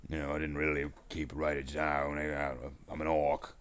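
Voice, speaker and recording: A man's voice: extremely low pitch, completely flat delivery, fairly bright tone, clear, resonant tone. A man streaming while he paints miniatures, voicing a bragging male orc warboss who rambles on. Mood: boastful. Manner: rambling, boastful, with slow drawn-out declarations. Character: boastful male orc warboss, big and bossy. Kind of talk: casual live stream chat in character.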